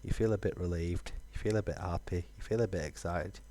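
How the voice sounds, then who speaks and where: A man's voice: low-pitched, brisk, warm tone. A man, musing aloud with fillers while streaming a game. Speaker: gaming streamer. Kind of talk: casual let's-play commentary.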